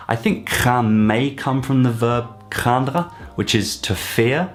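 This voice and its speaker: A man teaching an online language lesson, explaining clearly and repeating example phrases slowly. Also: medium pitch, soft background music. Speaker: French teacher.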